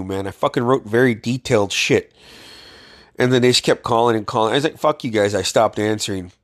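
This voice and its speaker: A man's voice: medium pitch, dry recording, clean studio sound. A man telling stories in a blunt, profane, ranting way, venting in a casual video diary while sick with covid. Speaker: vlogger.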